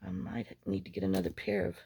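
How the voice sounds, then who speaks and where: A woman's voice: extremely low pitch, very animated, fast talker, creaky, warm tone, breathy edge. A woman vlogger chatting casually while making a journal, rambling through stories and muttering to herself as she works. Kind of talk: casual chat while crafting.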